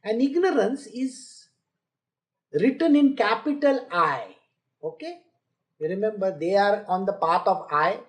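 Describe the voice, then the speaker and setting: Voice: mid-range voice, animated, measured pace, long pauses. A spiritual teacher giving a scripture lecture, asking listeners rhetorical questions and mocking boastful people by quoting them.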